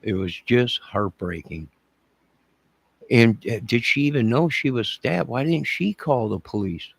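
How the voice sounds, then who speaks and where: A middle-aged livestream host speaks with a husky, gravelly voice. He rambles and repeats himself and talks straight to his chat. The sound is close and dry. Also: mid-range voice, animated, a little slow, no echo. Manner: emotional, repetitive, speaks to chat. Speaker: channel host.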